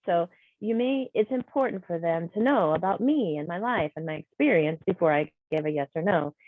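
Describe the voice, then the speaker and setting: A woman's voice: lowish voice, lively intonation, moderate pace, a little mellow, rough recording. A woman voicing a deaf trainer's signed talk into speech over a video call, explaining patiently and conversationally. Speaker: sign language interpreter voicing a deaf trainer. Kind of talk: live spoken interpretation of a training session.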